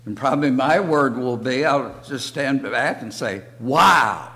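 An older man teaching a church Bible lesson in slow, halting short phrases. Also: medium pitch, fairly bright tone. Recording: long reverb of a hall.

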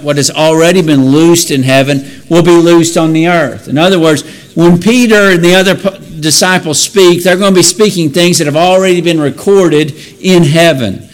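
A man with a slightly higher than usual voice teaches from the Bible in an explanatory way. He poses rhetorical questions to his listeners. He corrects himself mid-sentence now and then. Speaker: preacher.

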